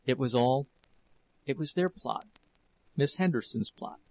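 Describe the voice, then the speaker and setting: A man's voice: medium pitch, animated, measured pace, a little mellow, poor audio. A man reading a broken, faltering young woman. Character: ashamed, frightened young working woman. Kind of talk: audiobook character reading.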